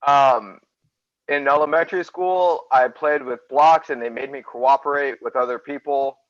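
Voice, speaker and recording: A man on a group podcast speaks bluntly and swears without a second thought. His voice sits at an ordinary pitch. The recording is dry and slightly muffled. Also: moderate pace, dry recording. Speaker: podcast co-host. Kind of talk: casual podcast chat.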